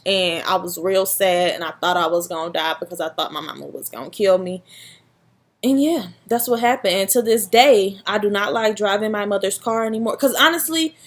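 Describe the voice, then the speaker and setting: A young woman vlogger telling a personal story in a casual, animated, dramatic way, full of slang. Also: medium pitch.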